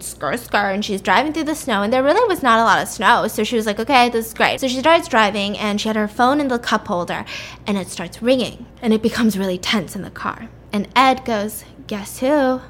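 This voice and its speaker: A woman's voice: medium pitch, fairly bright tone, slight background noise. A young adult woman chattily recapping a story and leaning on "like" as she goes. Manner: chatty, uses "like" often.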